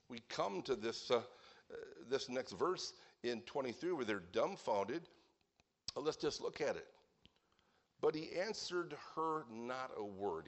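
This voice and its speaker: A man preaching a sermon, telling a Bible story in an animated way, with sudden swings in pitch and loudness.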